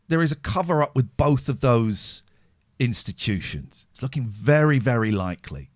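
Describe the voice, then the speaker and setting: Man, middle-aged, exhausted, swearing, swinging pitch, dry close sound. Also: animated, moderate pace, no room sound. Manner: raw, emotional, heavy swearing. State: exhausted and drained. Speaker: podcast host. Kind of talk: candid podcast chat.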